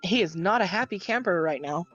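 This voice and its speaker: A woman narrating as game master of a tabletop game, explaining calmly with frequent pauses and ums. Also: lowish voice, muffled recording, faint music behind.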